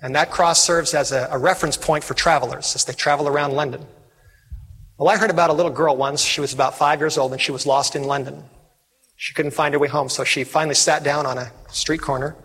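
A man's voice: fairly high pitch, steady tone, a little fast, fairly bright tone, slightly rough. A man preaching a fervent evangelistic sermon, calling out to his audience for responses. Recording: reverberant hall with faint music.

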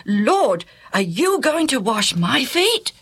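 A woman's voice: a little high, takes it slowly, breathy edge, voice pushed up, full character voice. A woman doing an eager, blurting disciple. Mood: protesting. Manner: excited, blurting. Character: impulsive eager male disciple, grown man.

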